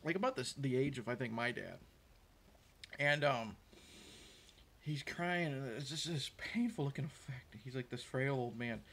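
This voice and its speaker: A man talks through a film scene in loose, casual chat, stopping often for ums and uhs and restarting his sentences. His voice sits at an ordinary middle pitch. He sounds like a host chatting with his regular viewers. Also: expressive, moderate pace, vocal fry, pauses often, fairly bright tone. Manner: rambling, hesitant, many fillers and restarts. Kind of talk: casual movie recap. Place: room with a window.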